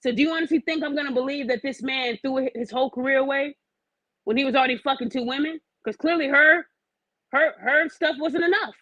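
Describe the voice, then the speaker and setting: This podcast host's voice is high-pitched and a bit bright, moving a little fast as she delivers a blunt, profane, opinionated rant. She keeps challenging listeners with pointed questions. The recording is muffled, with no room sound.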